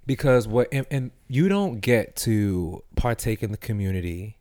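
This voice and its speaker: A man co-hosting a podcast in a casual discussion, building long, earnest arguments. His voice is low and mellow, recorded dry and close. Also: animated, moderate pace, no echo. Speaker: podcast co-host.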